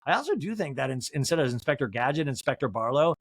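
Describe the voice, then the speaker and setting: A man's voice: medium pitch, quick pace, few pauses, no room sound, clean studio sound. A man hosting a podcast, recapping reality TV in a gossipy, comic way and breaking into impressions. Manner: animated and gossipy, with sudden impressions. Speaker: podcast host.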